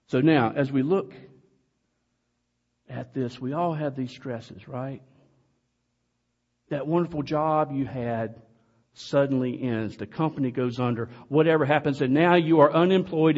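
A male pastor preaches slowly and earnestly, now and then raising his voice to rally the congregation. The sound is muffled and low-fidelity, carried from a distance in a church with a long, lingering reverb. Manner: slow, earnest preaching with sudden loud calls. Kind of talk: sermon. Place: church sanctuary.

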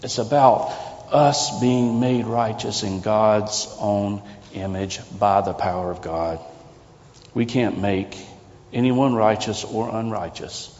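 Low-voiced guy preaching a sermon, chatty and earnest, long church echo. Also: slow pace, darkish tone, a little hiss or hum. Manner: conversational, earnest, with rhetorical questions. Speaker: pastor. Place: church sanctuary. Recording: lo-fi recording in a reverberant sanctuary.

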